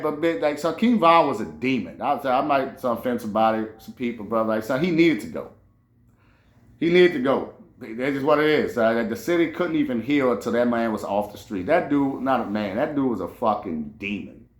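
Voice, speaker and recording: New dude ranting casual, cussing, lots of restarts, mid pitch, echoey room. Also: male voice. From New Orleans. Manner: animated, profane, rambling with restarts. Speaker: host. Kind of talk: casual commentary monologue.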